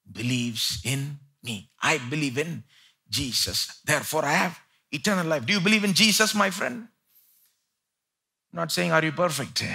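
Emphatic preacher, husky and bright. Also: male voice. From India. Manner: emphatic, swings between loud pleading and low asides. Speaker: pastor. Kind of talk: sermon. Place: live church service.

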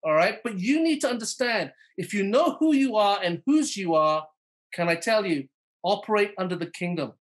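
Delivering a sermon to a live online congregation, a man speaks at a moderate pace in a high voice with lively intonation. He keeps asking "okay?" and "all right?" after almost each point, names individual listeners, and performs the quoted passages.

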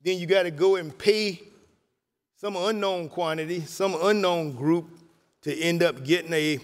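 Senator with a halting floor speech. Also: male voice, high voice. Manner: halting, with many fillers and restarts. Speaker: state senator. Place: legislative chamber. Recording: long hall reverb.

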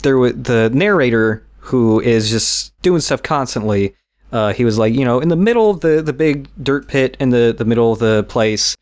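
A man's voice: medium pitch, expressive, normal speed, a little mellow. A young man co-hosting a podcast, casually telling a rambling story with laughs and swearing. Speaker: podcast co-host. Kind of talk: casual chat.

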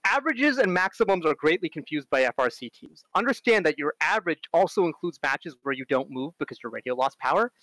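A man giving a casual conference talk, chatty, full of fillers, and animated when he tells stories. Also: fairly high pitch, fast talker, hardly any pauses, no room sound, poor audio. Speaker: conference speaker on robotics strategy.

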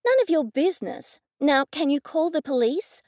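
A woman voices a flustered young city woman with a sharp tongue, snapping back in an exasperated, indignant way, pitched above her natural voice. She sits high with big pitch swings at a moderate pace, captured in a dry, clean studio recording.

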